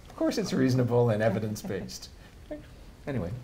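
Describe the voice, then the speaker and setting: A man with a Canadian accent speaking at a conference event, wry and lively, with rhetorical questions. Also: medium pitch, brisk, very noisy. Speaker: panel speaker. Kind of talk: public talk, answering questions. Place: conference hall.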